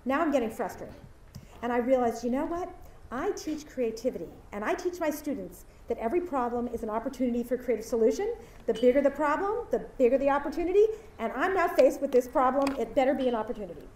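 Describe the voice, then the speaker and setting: Woman, high voice, animated storytelling speech, roomy hall, heard from afar. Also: quick pace, slight background noise. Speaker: commencement speaker. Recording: echoey hall from far off.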